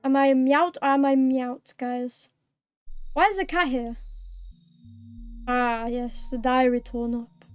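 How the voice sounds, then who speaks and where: A woman's voice: high-pitched, steady tone, slow pace, long pauses, smooth, faint music behind. A woman live-streaming a game, chatting playfully with viewers, thanking them and meowing like a cat. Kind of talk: live-streamed gameplay chat.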